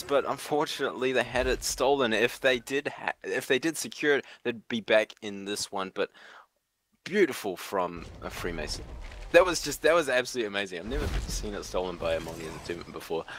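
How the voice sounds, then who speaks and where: A man's voice: medium pitch, animated, a little fast, a bit bright, a little hiss or hum. A man with a New Zealand accent doing play-by-play esports commentary, exclaiming at big plays.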